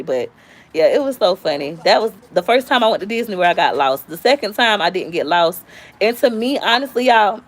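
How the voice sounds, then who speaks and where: Woman, thirties, live-stream host, casual storytelling, animated, mid-pitched. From Tampa, Florida. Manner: animated storyteller, squeals high when quoting.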